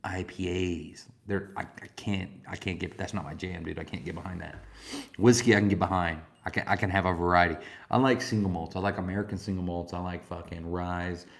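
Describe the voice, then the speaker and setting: Man with a low voice, laid-back host of a tasting stream, swears freely and talks straight to his viewers. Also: fairly quick, creaky. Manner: relaxed, profane, chatty, answers viewers. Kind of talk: casual live chat.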